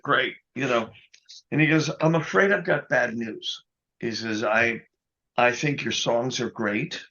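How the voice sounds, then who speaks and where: A man being interviewed as a guest musician, telling an anecdote in a casual, animated way, often adding "you know". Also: medium pitch, lo-fi sound. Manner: animated anecdote teller, quotes others, many "you know"s.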